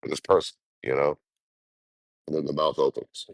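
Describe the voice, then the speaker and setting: A man's voice: a bass voice, flat delivery, normal speed, vocal fry, dry recording. A man chatting casually on a livestream, telling a rambling, profane story and laughing often. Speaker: vlogger.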